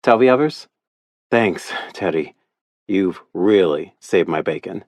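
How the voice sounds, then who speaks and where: A man's voice: deep voice, lively intonation, takes it slowly, darkish tone, no echo, clean studio sound, full character voice. A man voicing a fretful, pleading man calling for help in a storybook reading. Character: worried man on the phone, frantic partner.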